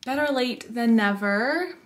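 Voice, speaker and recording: A woman's voice: on the high side, animated, a little slow. A woman vlogging casually at home, chatting and explaining what she is doing as she goes. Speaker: homeschooling mom vlogger. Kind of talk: casual day-in-the-life vlog narration. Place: home kitchen. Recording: echoey room.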